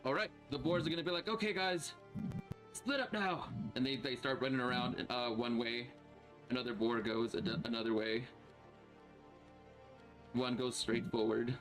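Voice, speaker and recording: A man narrating a tabletop game as game master, animated and laughing often, with lots of "like" and "uh". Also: medium pitch, normal speed, long pauses, faint music behind.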